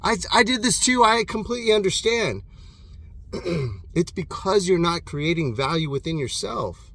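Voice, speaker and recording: Passionate, profane man, slightly high voice. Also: expressive, moderate pace, creaky. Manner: passionate and profane, swings between loud bursts and hushed intensity. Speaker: motivational vlogger. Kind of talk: impassioned motivational monologue. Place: alone in his own private room.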